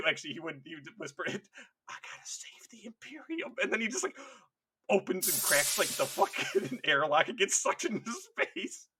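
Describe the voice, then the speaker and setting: A man's voice: a little high, animated, normal speed, very noisy. A man co-hosting a podcast in casual comedic chat, swearing freely and laughing often as he riffs on jokes.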